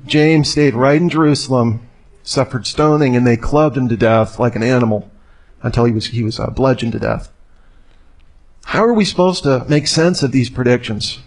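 A man's voice: mid-range voice, moderate pace, slightly rough. Conversational man telling a story. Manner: conversational, storytelling, rhetorical questions. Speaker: speaker. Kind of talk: talk to a live audience.

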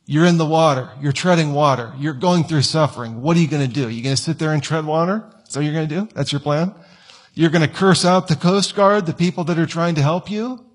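Preacher, male, slightly high and husky, chatty sermon delivery with acted-out quotes. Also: a little fast. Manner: conversational, acts out whiny quoted voices. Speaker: pastor. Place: church.

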